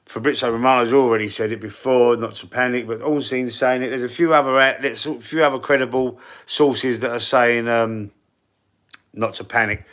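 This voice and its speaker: A man's voice: medium pitch, fairly even intonation, moderate pace, fairly bright tone. A man from East London with a Cockney accent, hosting a casual football live stream, rambling and chatty with many fillers and a runny nose. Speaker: football channel host.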